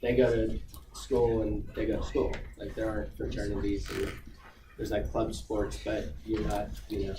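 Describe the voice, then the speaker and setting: A man's voice: on the low side, little pitch movement, moderate pace. A man speaking as a guest to students in a casual, rambling way, full of fillers and restarts. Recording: echoey room, far from the mic, noisy.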